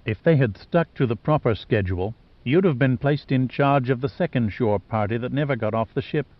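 A man's voice: mid-range voice, fairly quick, no room sound, natural voice. Deirdre, a man reading a cold scheming sister. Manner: calm, impassive, mocking. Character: wealthy cold scheming woman, adult sister. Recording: dull lo-fi audiobook recording.

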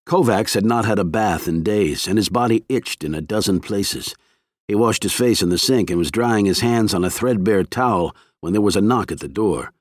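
Low, expressive male audiobook narrator. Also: normal speed, no room sound, studio quality. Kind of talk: scripted narration.

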